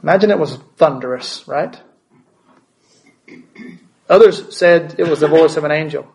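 Male pastor, slightly high-pitched, preaches with questions and repetition. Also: normal speed, vocal fry, a little mellow, low-quality recording. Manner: asks the congregation questions, repeats words for emphasis. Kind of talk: sermon.

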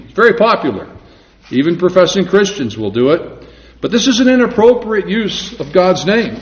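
A man preaching a sermon in an earnest, measured way, slowing down for emphatic scripture quotes. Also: fairly high pitch. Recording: echoey room, dull lo-fi sound.

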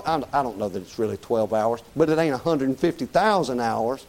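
A man's voice: mid-range voice, expressive, a little fast, few pauses, darkish tone, low-quality recording. A man preaching a sermon to a congregation in a church, emphatic and folksy, firing off rhetorical questions and calling for amen.

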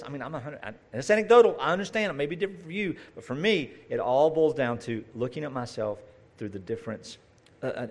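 A man preaching a conversational sermon, talking straight to his listeners with asides and rhetorical questions. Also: medium pitch.

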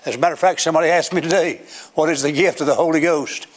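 Older male preacher, slightly high voice, emphatic rising cadence, church sermon. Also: racing. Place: church sanctuary with platform.

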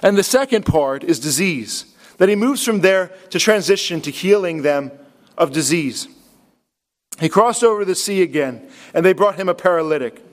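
Pastor guy preaching, pretty high voice, earnest and emphatic, goes quiet and low for quotes. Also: lively intonation, normal speed. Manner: drops to a low, hushed voice to quote Jesus. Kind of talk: sermon.

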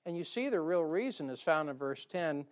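A male pastor preaching a sermon to a church congregation, joking and calling out "Amen?", swinging between loud and quiet. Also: fairly high pitch, expressive, normal speed. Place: church service.

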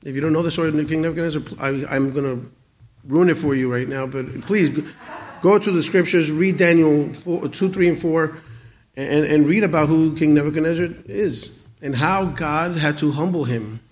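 A man in his forties preaching a sermon, earnest, with many stammered restarts and swings between loud emphasis and quiet asides. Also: fairly high pitch, normal speed. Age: 40s. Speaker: pastor.

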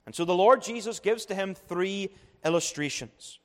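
A man's voice: high-pitched, moderate pace, big-room sound. A man preaching a sermon as pastor at a young adults' conference, emphatic, repeating key phrases and building up to each point. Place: church.

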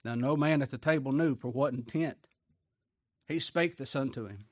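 A man's voice: medium pitch, moderate pace, no room sound, studio quality. A man preaching a sermon in a folksy, colloquial way, often tagging rhetorical questions onto his points.

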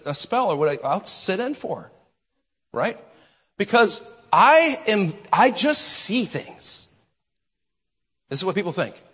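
A man preaching a sermon as pastor, with dramatic pauses and shifting volume. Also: on the high side, fairly bright tone, husky. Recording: long hall reverb.

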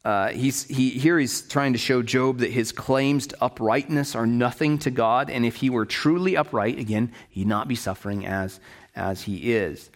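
A man's voice: mid-range voice, normal speed. Male Bible teacher, casual lecture delivery, plain paraphrase, frequent check-ins with the class. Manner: conversational, checks in with "right?" and "okay?"; explains in plain paraphrase with restarts.

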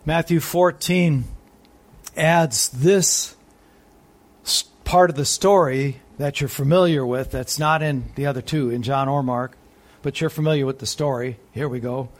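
A man teaching a Bible sermon who swings between excited, emphatic high points and hushed, soft reflection, reading scripture aloud and asking his listeners questions. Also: unhurried. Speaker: preacher.

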